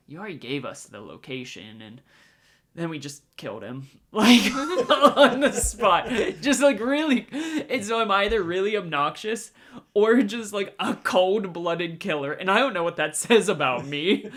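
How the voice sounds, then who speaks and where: A man's voice: fairly high pitch, a bit bright. A man hosting a podcast, chatting casually and laughing often. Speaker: podcast host. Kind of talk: casual chat.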